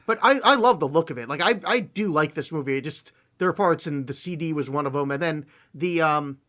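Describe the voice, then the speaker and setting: A man co-hosting a podcast, talking casually in animated bursts, swearing and laughing. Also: a little high, brisk. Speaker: podcast co-host. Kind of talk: casual chat.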